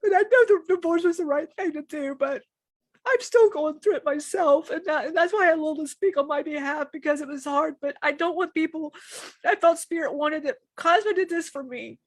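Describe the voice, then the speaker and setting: On a live stream, a channeler co-host talks through her personal struggles in an emotional, rambling way, frequently starting sentences over and swearing offhandedly. The recording is dry, and her high voice moves at a normal speed.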